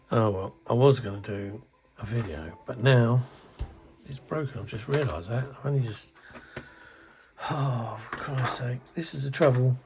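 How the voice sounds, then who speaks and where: A middle-aged British scale modeller talks casually about his kit for a hobby video, sitting at his indoor workbench. He sounds fed up, grumbling and cursing quietly. His voice is medium in pitch with a darkish tone.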